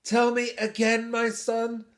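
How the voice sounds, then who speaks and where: A man's voice: very high voice, monotone, takes it slowly, a bit bright, pitched above the performer's own voice, full character voice. A man voicing a worried old father who questions his son. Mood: doubting, pleading. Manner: pleading, questioning.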